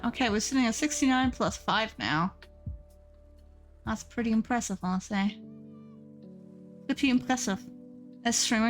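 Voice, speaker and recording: Giggly, playful high-voiced woman streamer. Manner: giggly, playful, reads chat aloud. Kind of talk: casual live-stream chat.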